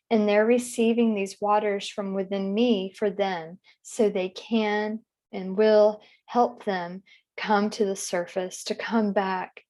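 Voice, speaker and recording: A woman guiding a hypnosis session, speaking softly and slowly as she passes on her client's words and asks gentle questions. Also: medium pitch. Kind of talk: relaying a regression session.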